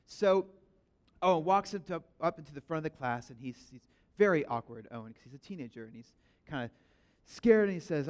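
A pastor giving a sermon, telling stories in an animated, emphatic way. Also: male voice, a little high, brisk. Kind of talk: sermon with storytelling.

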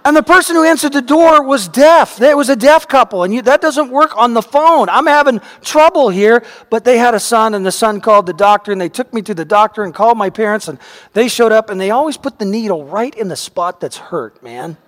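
Male pastor with a high voice, animated storytelling sermon, recorded in a reverberant church sanctuary. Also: brisk. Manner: animated storyteller, voice rising and shouting at dramatic moments. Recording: long reverb of a large hall.

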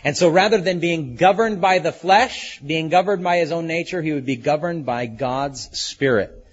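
A male pastor delivering an expository sermon, earnest and unhurried, dwelling slowly on key words. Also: fairly high pitch, slightly rough, highs cut off.

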